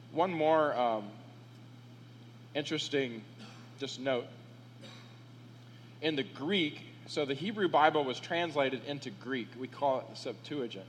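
A pastor preaching a sermon, reading scripture slowly and emphatically and building to fervent appeals to his congregation. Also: medium pitch, animated, big-room sound, a little hiss or hum. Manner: slow, emphatic scripture reading with rising fervor.

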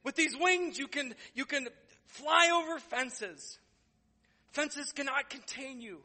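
A man's voice: very high-pitched, slow, bright, forceful tone, in a large hall, pitched above the performer's own voice, full character voice. A man voicing an earnest male duck preacher who preaches emphatically in a parable. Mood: rousing.

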